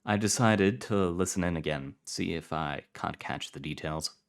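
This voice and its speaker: A man reading fiction aloud in a calm, measured, low-key narration. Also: vocal fry, clear, resonant tone. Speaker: story reader.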